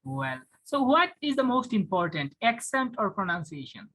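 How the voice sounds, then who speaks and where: A man's voice: high-pitched, very animated, normal speed, sharp tone, poor audio. A man from Bangladesh, hosting an interview in a formal, hesitant way with frequent uhs, over a video call. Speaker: interviewer, channel host. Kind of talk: casual interview conversation.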